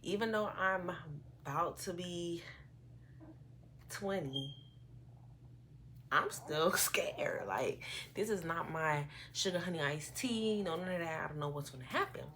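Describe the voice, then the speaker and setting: A woman in her early twenties telling an animated, rambling story on her vlog, often quoting herself. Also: lowish voice, measured pace, pauses often, slight background noise. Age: 20s. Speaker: vlogger. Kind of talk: casual storytime. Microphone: phone camera.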